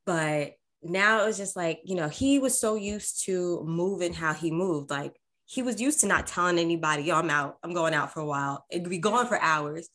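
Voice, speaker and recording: A woman's voice: lowish voice, moderate pace, fairly bright tone. A woman in casual chat, telling a story animatedly and acting out quoted voices.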